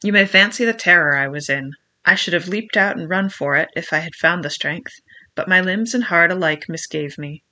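A narrator giving a measured, literary audiobook reading of a classic novel. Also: medium pitch, pushed and bright.

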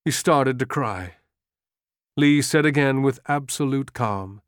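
Slow, grave male audiobook narrator. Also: mid-range voice, clean tone, no room sound, studio quality.

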